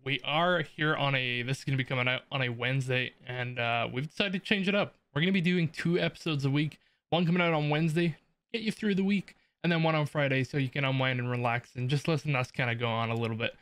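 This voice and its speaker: A man hosting a podcast, talking in a relaxed, easygoing way as he opens the episode and chats. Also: mid-range voice, fast. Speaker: podcast host. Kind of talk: casual podcast chat.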